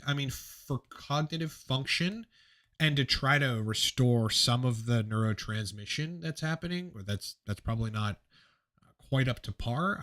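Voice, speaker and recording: A man from South Jersey with a South Jersey accent, speaking close to his microphone on a casual livestream. He answers viewer questions in a technical, rambling way, full of fillers and restarts. His pitch sits in the middle of the usual range for a man. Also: fairly bright tone. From South Jersey, USA. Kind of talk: casual live Q&A stream. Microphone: close desk mic on a livestream.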